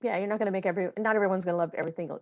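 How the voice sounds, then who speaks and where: A woman from Florida moderating a casual panel of authors, chatty and quick to laugh as she tells stories. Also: mid-range voice, no echo. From Florida, USA. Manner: chatty, laughing, animated storyteller.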